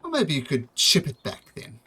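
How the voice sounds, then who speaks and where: A man voicing Hendrik, a smooth-talking male merchant who keeps asking for favors and hedges about money. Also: fairly high pitch, wildly swooping pitch, normal speed, bright, forceful tone, heavily acted. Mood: wheedling. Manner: wheedling, hedging.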